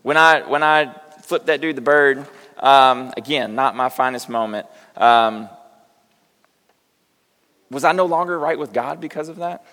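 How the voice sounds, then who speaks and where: A man's voice: medium pitch, measured pace, sharp tone. A middle-aged male pastor giving a conversational sermon in a church, telling self-deprecating stories and asking the congregation direct questions. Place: church sanctuary. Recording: long hall reverb.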